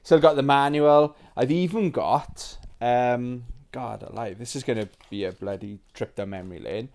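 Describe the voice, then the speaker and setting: A British man in his forties hosting a nostalgic show-and-tell about old games, rambling and chatty with plenty of fillers, excitable and sentimental. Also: medium pitch, moderate pace. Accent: British English. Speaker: retro game collector host.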